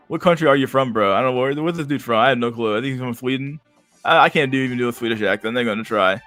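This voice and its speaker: A man's voice: medium pitch, fast talker, a bit bright, faint music behind. A man streaming casual commentary, reading comments aloud in a rambling, stammering way with frequent laughter.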